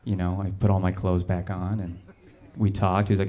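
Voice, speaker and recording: A young man delivers a stand-up set in a low, laid-back voice with a deadpan, understated storytelling style. The live recording carries loud audience laughter and background noise throughout. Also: a little fast, creaky, few pauses. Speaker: stand-up comedian. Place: small live comedy venue with audience.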